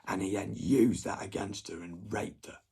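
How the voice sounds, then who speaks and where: Young adult man, rambling sweary rant, very raspy, gravelly. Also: lowish voice, normal speed, a little mellow. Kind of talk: rambling monologue to viewers.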